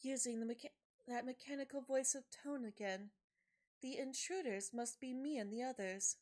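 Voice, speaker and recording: A woman's voice: high voice, moderate pace, darkish tone. A woman streamer reading a game's story text aloud, stumbling and correcting herself, with asides. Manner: reads story text with frequent slips and self-corrections. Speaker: let's play streamer.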